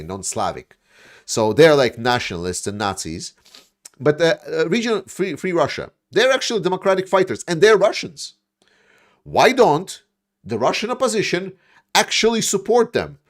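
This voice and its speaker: A man hosting a livestream, ranting in heated, profane commentary with a Ukrainian accent, reading viewer questions and stumbling over restarts. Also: mid-range voice. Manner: heated, profane, restarts and mocking quoted voices. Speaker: livestream host.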